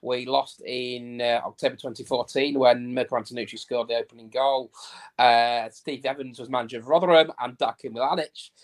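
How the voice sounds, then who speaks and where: A man reciting football statistics on a fan podcast, pausing often with fillers. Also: mid-range voice. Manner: steady recital of stats with many uh fillers. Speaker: stats guest on fan podcast. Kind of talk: casual podcast chat.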